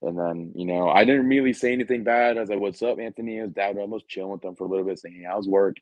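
A man's voice: lowish voice, quick pace, a little mellow, no echo. A young man, a Marine recruiter, telling a story casually on a podcast, slangy and blunt with lots of fillers. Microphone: podcast mic.

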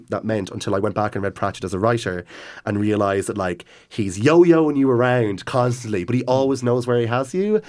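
A man in casual chat, enthusiastically retelling a novel's story with lots of restarts and asides. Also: mid-range voice. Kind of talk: casual chat about books.

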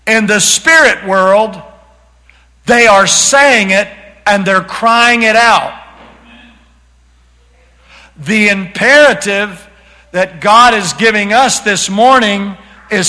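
Preacher with a bright, high voice. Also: male voice, long reverb tail. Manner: dramatic, slows and rises to shouting. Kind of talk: sermon. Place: church sanctuary.

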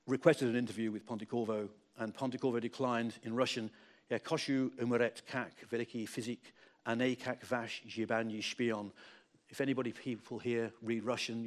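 A man who wrote a book gives a public lecture and takes questions, telling anecdotes in a wry, emphatic way. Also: medium pitch. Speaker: author giving a public talk. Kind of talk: lecture with audience Q&A. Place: lecture hall.

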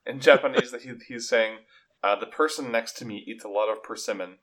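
A man's voice: medium pitch, brisk, a bit bright. A man hosting a podcast in casual chat, setting up clips and explaining their meaning, laughing often. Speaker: podcast host presenting clips.

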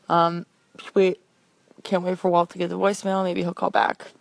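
A woman's voice: on the low side, little pitch movement, normal speed, gravelly, no echo. A young woman hosting a show, rambling through a comic voicemail in a chatty, self-deprecating way. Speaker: podcast host.

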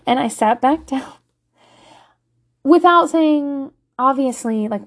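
A woman, telling a candid, profane parenting story in a vlog monologue. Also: measured pace. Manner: profane, animated, swings to loud and high when laughing.

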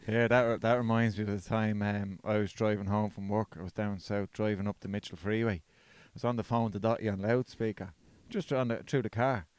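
A man, a podcast co-host, telling an animated story in casual chat and acting out the voices in it. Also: fairly low pitch, fairly quick, hardly any pauses, smooth, no room sound. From Ireland.

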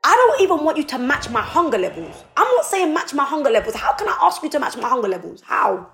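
A woman's voice: sits high, big pitch swings, quick pace, few pauses, faint music behind. Passionate woman giving a motivational talk. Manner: passionate, preachy, pleading. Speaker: motivational speaker. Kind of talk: live-streamed motivational talk. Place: indoors, streaming.

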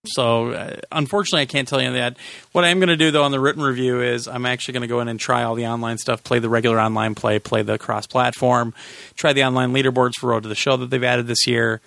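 A man's voice: mid-range voice, steady tone, quick pace, vocal fry, fairly bright tone, dry recording. A man hosting a podcast, giving a casual, rambling game review with sarcastic asides and many restarts. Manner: rambling, sarcastic, self-correcting. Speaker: podcast host.

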